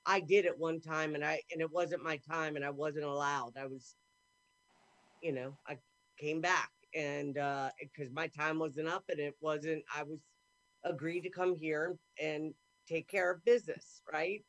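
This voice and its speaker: A woman hosting a podcast, talking in a rambling, earnest way and thinking out loud. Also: low-pitched, steady tone, a little slow. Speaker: podcast host. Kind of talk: casual conversation.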